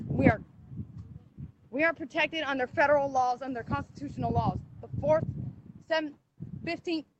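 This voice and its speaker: A woman's voice: sits high, noisy background. A mother livestreaming outdoors beside a car, talking in an urgent, agitated way and coaching her children to speak up. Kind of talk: live phone stream, urgent pleading.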